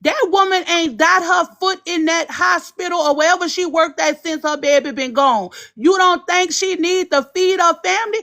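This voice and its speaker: A woman's voice: extremely high pitch, moderate pace, vocal fry, hardly any pauses, pushed and bright. A woman, hosting a livestream and talking in a blunt, impassioned, profane way. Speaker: livestream host. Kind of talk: emotional livestream commentary.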